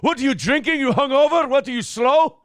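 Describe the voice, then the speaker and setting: A man putting on the voice of a foul-mouthed male restaurant owner who yells insults at his staff. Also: extremely high pitch, lively intonation, fairly quick, no echo, clean studio sound, pitched above the performer's own voice. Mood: berating. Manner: yelling insults, harsh.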